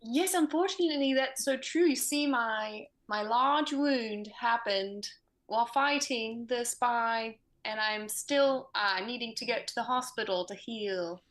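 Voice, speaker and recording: A woman voicing her character in a tabletop game, slow and genteel. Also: fairly high pitch, fairly bright tone. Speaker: player.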